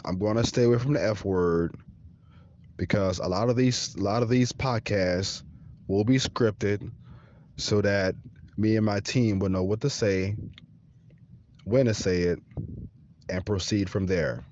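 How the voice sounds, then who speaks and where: In a muffled recording, a podcast host speaks casually on his own, his voice on the low side and a little mellow. He goes slowly and keeps pausing to check in with whoever's listening.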